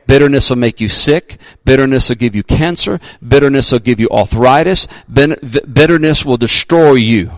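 A male pastor preaching a sermon, emphatic, sometimes shouting his readings, joking about himself. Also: mid-range voice, normal speed, few pauses, no room sound.

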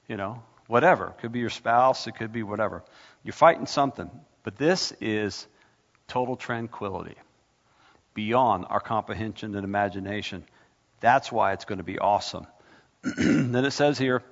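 A male pastor preaches with a gravelly edge, driving his points home with repeated rhetorical questions. The sound is dull and carries a long church echo. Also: medium pitch, a bit bright. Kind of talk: sermon.

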